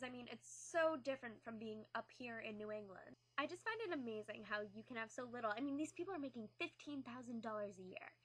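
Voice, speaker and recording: A young woman talks to the camera in a chatty, earnest vlog. She reflects on a trip and tells the story as it comes to her. Her voice sits fairly high and sounds bright. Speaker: vlogger. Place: New England.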